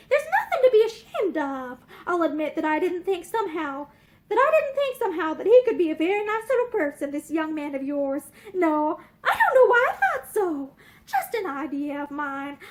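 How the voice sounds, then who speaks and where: A woman reading aloud and voicing a brisk, frank young woman who speaks dryly, promptly and bluntly. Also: extremely high pitch, big pitch swings.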